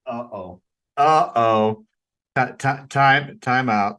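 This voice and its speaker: A man's voice: medium pitch, slow, a bit bright. A man calling into a livestream as a guest, rambling and repeating himself. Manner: repeats and restarts words, rambling. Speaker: guest caller. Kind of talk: casual call-in chat. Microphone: home desk mic.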